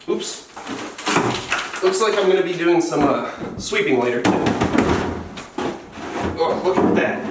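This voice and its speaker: The vlog host's voice sits high and moves at a moderate pace with frequent pauses as he cleans indoor enclosures, talking playfully to the animals. The recording is very noisy and roomy, from a distant mic, with music underneath.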